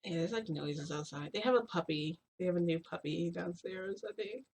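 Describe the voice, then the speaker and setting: A woman's voice: on the low side, normal speed, darkish tone, a little hiss or hum. A young woman vlogger casually telling a long story to her viewers, rambling with many fillers and frequent laughs.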